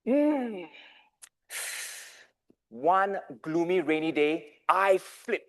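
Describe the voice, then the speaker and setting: A man's voice: high-pitched, big pitch swings, takes it slowly. A man in his thirties giving a dramatic storytelling speech with big swings in volume. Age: 30s. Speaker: club speaker.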